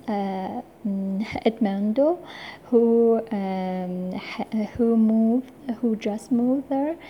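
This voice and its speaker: A woman voicing a man who tells, haltingly, about his vacation. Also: mid-range voice, warm tone, slight background noise. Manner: halting, telling a story. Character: man back from a happy vacation.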